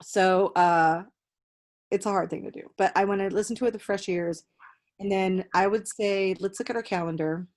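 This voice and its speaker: A young woman hosting a podcast in casual chat, an animated storyteller who swears freely. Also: mid-range voice, moderate pace. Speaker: podcast host.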